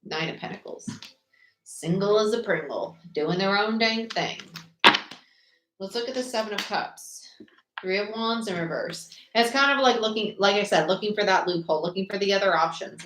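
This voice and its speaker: A woman giving a live tarot reading in a chatty, quick way, listing the cards aloud as she goes. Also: mid-range voice, fairly bright tone. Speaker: tarot reader. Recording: echoey room with faint noise.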